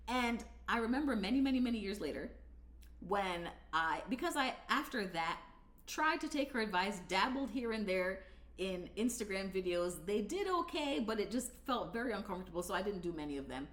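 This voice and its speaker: Lady in her 30s telling stories on her channel, super expressive, jokes on herself, roomy echo. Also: medium pitch, moderate pace. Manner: animated, laughs at herself, shouts out. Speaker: host. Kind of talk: casual storytelling.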